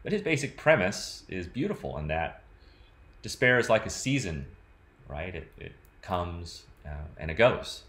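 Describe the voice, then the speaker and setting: Man, very low voice, loose rambling vlog musings, lots of verbal filler. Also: sing-song, a little slow, fairly bright tone. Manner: rambling, full of "like" and "you know". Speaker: vlogger. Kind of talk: casual reflective talk to camera.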